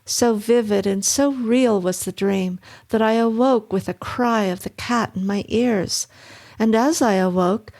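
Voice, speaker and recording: Woman horror narrator, slow and suspenseful, gravelly low end. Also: a little mellow. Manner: measured, suspenseful reading.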